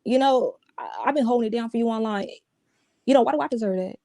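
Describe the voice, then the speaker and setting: Warm-voiced woman, interview guest, casual and repetitive, dry close sound. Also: fairly high pitch, fast, dry recording. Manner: casual, repetitive, restarts often, says "yo". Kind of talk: emotional personal account.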